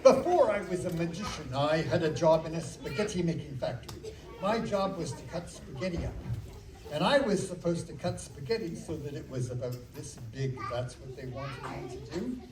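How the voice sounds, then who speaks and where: A man performs as a children's magician, his voice playful and lively as it swings up and down while he talks with the audience. He sounds far from the mic in an echoey library room, with a crowd of children around. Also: a little high, normal speed. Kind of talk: live magic show and storytelling for kids. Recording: echoey room from afar with kids.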